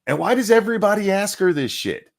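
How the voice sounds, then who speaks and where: A man's voice: sits high, expressive, quick pace, gravelly. A man hosting a casual livestream, rambling and sarcastic, swearing freely and restarting his sentences often. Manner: rambling and profane, with frequent restarts. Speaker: livestream host.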